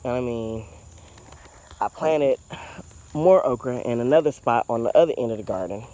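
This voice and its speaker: A man's voice: mid-range voice, moderate pace, warm tone. A man vlogging outdoors in his home garden, venting his frustration and discouragement at garden pests. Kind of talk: casual vlog talk. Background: insects and outdoor ambience.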